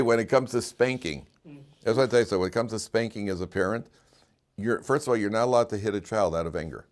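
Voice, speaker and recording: A man's voice: lowish voice, sing-song, fast talker. A man, a rabbi, giving an informal Torah class to listeners, joking and often restarting his sentences. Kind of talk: conversational Torah lecture with stories.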